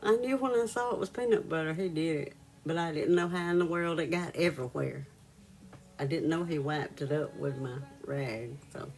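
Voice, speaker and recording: A woman's voice: low voice, moderate pace, darkish tone. A woman hosting a reiki live stream, telling a story in a casual chat with viewers, laughing often and greeting them by name.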